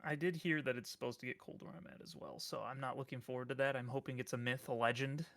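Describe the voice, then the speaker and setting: Laid-back bright-voiced man co-host. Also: medium pitch, fairly even intonation, fast talker. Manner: laid-back, laughs at his own jokes. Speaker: co-host of a morning stream. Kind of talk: casual chat.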